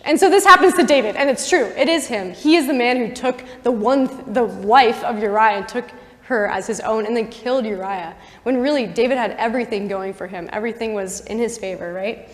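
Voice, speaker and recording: A young woman giving a casual, animated faith talk in a university chapel, chatty and full of asides. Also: fairly high pitch, brisk. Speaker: campus missionary speaker. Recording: long chapel reverb.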